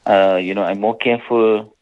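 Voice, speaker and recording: Stern scholar on radio. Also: male voice, fairly low pitch, steady tone, normal speed. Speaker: Islamic scholar answering listener questions. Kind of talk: radio call-in talk. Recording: dull radio broadcast sound.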